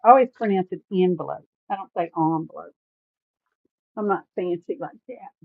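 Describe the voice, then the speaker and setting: A woman hosting a casual crafting livestream, chatty and folksy and quick to laugh. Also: mid-range voice, no room sound. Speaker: livestream host. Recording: tinny phone-like sound, dry.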